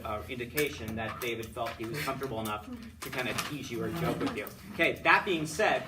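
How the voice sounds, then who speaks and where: Man, choral conducting teacher, chatty feedback, upbeat, rambling, distant mic, faint hiss. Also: medium pitch. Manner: chatty, upbeat, full of fillers and restarts; sings solfege and chants rhythm words to demonstrate. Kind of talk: feedback after a student lesson.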